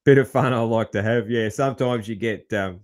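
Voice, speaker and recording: A man's voice: mid-range voice, normal speed. A man with an Australian accent hosting a casual podcast in a laid-back way, with loose fillers. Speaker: podcast host.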